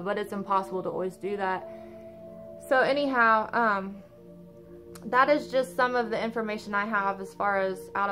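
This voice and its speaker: A woman recounting a personal experience in a casual, animated way. Her talk is informal and loose, full of fillers and the odd swear word. Faint music plays quietly behind her voice. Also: mid-range voice. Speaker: storyteller of out-of-body experiences.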